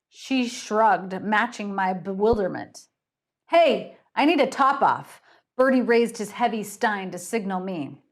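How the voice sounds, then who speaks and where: A woman author chatting encouragingly, then reading her mystery story aloud with dramatic pauses. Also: mid-range voice. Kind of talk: casual chat and storytelling read-aloud.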